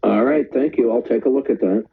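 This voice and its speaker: A man hosting a live online call-in debate, talking forcefully, often interrupting and tagging lines with "okay?". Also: medium pitch, a little fast, gravelly, slightly rough, phone-quality sound. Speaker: debate room host.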